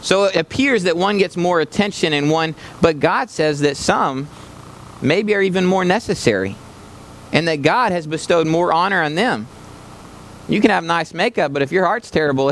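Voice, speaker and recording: Slight background noise accompanies a man with a fairly high voice as he preaches as a visiting missionary. Fervent and emphatic, he addresses the church congregation head-on, rising to forceful peaks.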